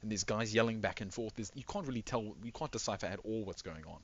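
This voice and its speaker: A man's voice: lowish voice, quick pace, dull audio, slight background noise. A man running a tabletop game, narrating in a rambling, restarting way over voice chat. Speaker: game master.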